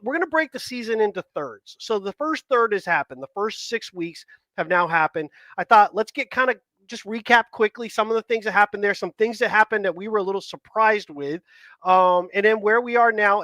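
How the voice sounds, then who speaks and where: A man's voice: sits high, pushed and bright, no room sound. A man hosting a casual sports podcast, chatty and rambling, laughing as he talks. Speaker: podcast host.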